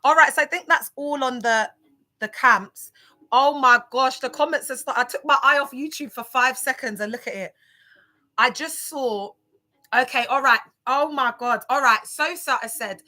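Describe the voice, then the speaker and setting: A woman chatting casually on a livestream, animated and chatty, reacting to viewer comments. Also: sits high, moderate pace.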